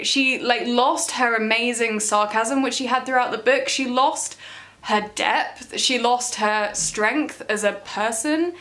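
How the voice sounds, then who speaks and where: A young woman with a slightly raised pitch delivers a vlog rant. She sounds exasperated and sarcastic throughout. Her talk is full of incredulous rhetorical questions. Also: a bit bright. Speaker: book vlogger. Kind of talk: ranting book-to-film review vlog.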